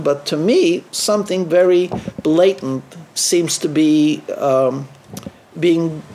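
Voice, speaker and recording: A man with a high voice tells a story from the pulpit as a rabbi. He talks with animation and slips into the voices of the people in his story. His delivery is that of a weekly storytelling sermon. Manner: lively teller who acts out quoted speech.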